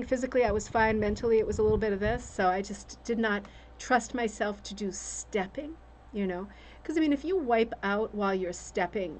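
A woman hosting a casual craft livestream from a room upstairs at home, chatting and greeting viewers by name. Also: mid-range voice. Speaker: host of a rug hooking livestream. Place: room on a home's second floor with a fan. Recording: faint room noise, fan hum.

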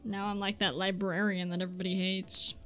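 A woman giving excitable gameplay commentary, yelping and cracking crude jokes. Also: medium pitch, brisk, faint music behind. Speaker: gaming YouTuber.

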